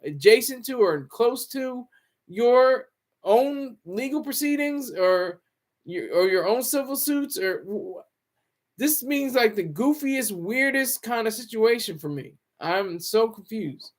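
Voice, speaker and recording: A man's voice: very high voice, lively intonation, takes it slowly. A man hosting his own livestream, chatting casually, joking and talking to his viewers. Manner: chatty, joking, talks to chat. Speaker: livestream host. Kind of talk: casual commentary.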